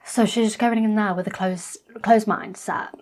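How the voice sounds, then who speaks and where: A woman's voice: mid-range voice, fairly even intonation, normal speed, darkish tone. A woman reacting to a reality TV episode in a blunt, chatty way, swearing freely. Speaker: reaction vlogger.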